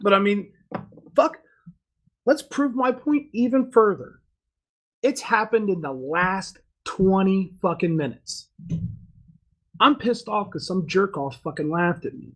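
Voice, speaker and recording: A man's voice: high-pitched, animated, a little slow, long pauses, fairly bright tone. A man talking earnestly and emphatically to a friend on a casual podcast. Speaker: podcast co-host. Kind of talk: casual chat.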